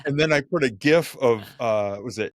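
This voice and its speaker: A man, a keynote speaker, telling lively stories in a podcast conversation and acting out the quotes. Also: mid-range voice, normal speed, no echo, studio quality. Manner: animated, acts out quotes and jokes.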